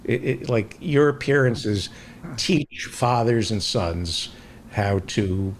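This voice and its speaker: Male host, animated pitch, rambling questioner, faint noise. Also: takes it slowly. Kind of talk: casual chat.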